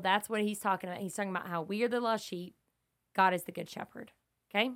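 A woman of middle pitch gives a devotional podcast teaching. She speaks earnestly and with emphasis, and she slips easily into personal stories. Her tone stays casual and direct, like a mom talking to her listeners. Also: fairly bright tone. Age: young adult to middle-aged, mother of kids. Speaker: podcast host teaching scripture.

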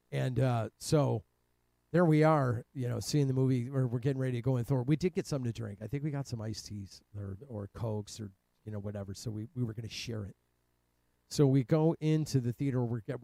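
With no room sound around him, a man from Cleveland, Ohio shares a rambling, profane account of his life, laughing a lot as he goes. His mid-range voice has a creaky, dark quality.

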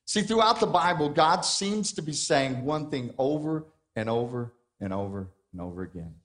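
A middle-aged man preaching a sermon, asking the congregation questions and swinging between soft and loud passages. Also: fairly high pitch, animated, moderate pace, hardly any pauses. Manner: dynamic preaching with questions and acted quotes. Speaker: pastor.

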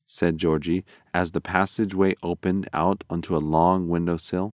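A man reading a children's story aloud as narrator, in an expressive storytelling manner. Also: low voice, normal speed, no room sound, studio quality.

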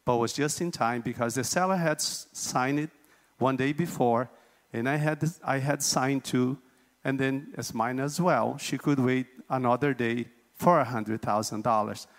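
A man stands up in church to share a testimony and speaks earnestly at an everyday middle pitch. He often repeats himself and corrects his numbers in mid-sentence. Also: a little slow. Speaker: congregation member giving testimony. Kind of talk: spoken testimony.

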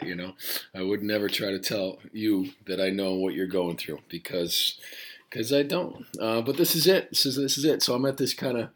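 Middle-aged guy teacher rambling on his class podcast, lowish voice, lots of ums and restarts. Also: a bit bright. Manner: rambling, reflective, many fillers and restarts. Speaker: high school Spanish teacher. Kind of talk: casual podcast talk to students. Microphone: home podcast mic.

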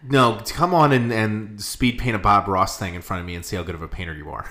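Casting: animated male podcast co-host, lower voice with a bright edge, opinionated, big laugher. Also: fast talker, hardly any pauses. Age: 30s. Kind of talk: casual chat.

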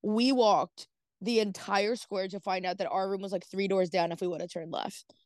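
A woman's voice: medium pitch, steady tone, moderate pace, darkish tone, dry recording. A woman co-hosting a podcast, telling a story in casual chat, rambling with lots of "like" and "dude" and casual swearing. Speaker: podcast co-host.

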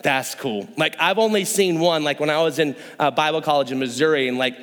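Man, young adult, pastor, playful joking sermon, slightly high voice, long hall reverb. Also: a little fast, a bit bright. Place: church hall.

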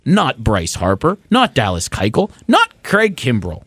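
Heated, animated man ranting. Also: medium pitch, unhurried, few pauses, slightly rough, no room sound, clean studio sound. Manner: heated, sarcastic, swears. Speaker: podcast co-host. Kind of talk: casual sports podcast rant.

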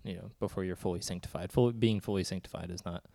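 A man co-hosting a podcast, talking casually about faith and often pausing to search for words. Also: low voice, fairly even intonation, vocal fry, dark tone. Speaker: podcast co-host.

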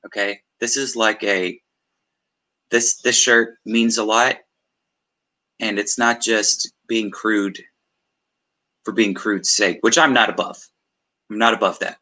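A man chatting casually as a podcast guest, wry and deliberate. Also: lowish voice, steady tone, bright, forceful tone, rough recording. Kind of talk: casual chat.

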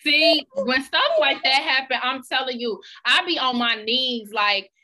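A woman's voice: high-pitched, unhurried. A woman with children telling stories in a casual chat, acting out the people she quotes. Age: adult with children. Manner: animated storyteller, acts out quoted voices.

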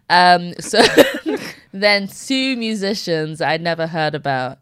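A woman's voice: lowish voice, takes it slowly, fairly bright tone, clean tone, dry recording, studio quality. A young woman co-hosting a podcast, chatting casually and bluntly, swearing freely and trailing off into fillers. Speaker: podcast co-host. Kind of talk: casual chat.

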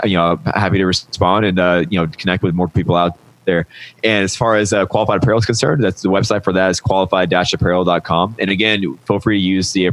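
A young American man, a podcast guest, chatting casually and telling an anecdote with lively acted-out voices. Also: deep voice. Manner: animated storyteller, acts out voices in anecdotes.

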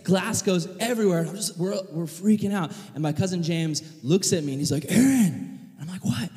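A young man preaching a sermon, telling a personal story, acting out voices and yelling in bursts. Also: high-pitched, fast. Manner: animated storyteller, acts out voices, yells in bursts. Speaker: pastor. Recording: long reverb of a large hall.

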